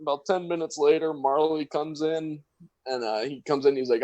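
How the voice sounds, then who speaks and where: A man's voice: fairly high pitch, fairly even intonation, moderate pace, warm tone, no echo, low-quality recording. A young man co-hosting a podcast, telling a story in a casual, profane way and acting out what people said. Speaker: podcast co-host.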